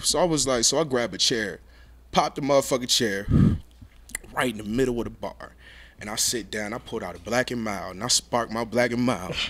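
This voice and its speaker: A young man, a rapper guest, telling a story in a casual interview, loud and laughing, jumping between low mutters and high exclaims. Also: fairly quick.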